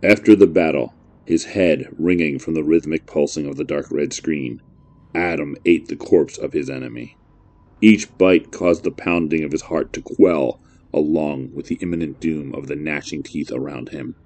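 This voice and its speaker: Deep-voiced man narrating a horror story. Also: darkish tone, no room sound. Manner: measured, brooding storytelling.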